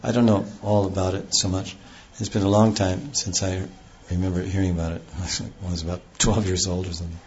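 Low-voiced man giving a devotional lecture. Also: flat delivery, brisk, a little mellow, slight background noise. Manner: rambling, with many restarts and acted quotes. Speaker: spiritual teacher. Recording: dull lo-fi recording.

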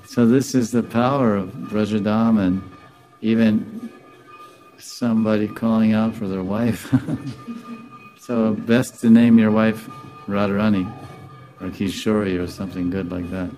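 A man telling a devotional story in a relaxed, rambling way as a spiritual teacher, sprinkling in Hindi devotional terms. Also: lowish voice, unhurried, long pauses, soft background music.

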